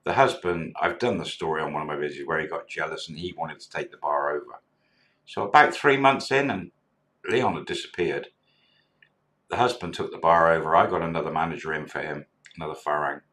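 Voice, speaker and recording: Low-voiced man telling a story. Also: brisk, fairly bright tone. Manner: chatty, acts out quoted dialogue. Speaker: former bar manager telling a story. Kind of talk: casual spoken storytelling.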